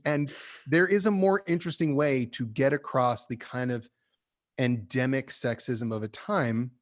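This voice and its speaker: A man hosting a podcast, giving animated, opinionated notes on a screenplay and laughing often. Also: mid-range voice, a little slow. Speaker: podcast host reviewing a screenplay. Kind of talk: casual critique chat.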